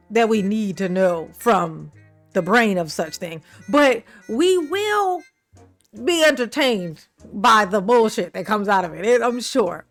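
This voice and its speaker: A woman giving casual, sassy reaction commentary on a news story, mocking, swearing and laughing often. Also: medium pitch. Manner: breaks into exaggerated mimicking voices.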